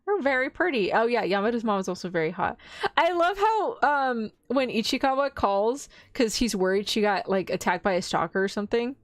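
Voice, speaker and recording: A woman's voice: medium pitch, animated, fairly quick, dry recording. Chatty young woman streamer, dry close mic. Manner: chatty, rambling, giggly. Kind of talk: casual chat.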